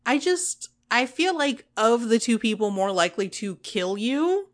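A woman's voice: a little high, unhurried. A woman co-hosting a podcast, chatting casually and sarcastically as she recaps a TV episode, acting out the characters' lines. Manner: animated, sarcastic, quotes characters in little voices. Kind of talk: casual chat.

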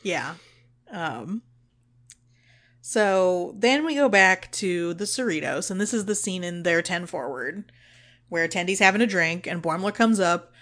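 A woman's voice: on the low side, expressive, unhurried, a bit bright. A woman co-hosting a podcast, recapping an episode in casual, gushing chat and swearing freely. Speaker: podcast co-host.

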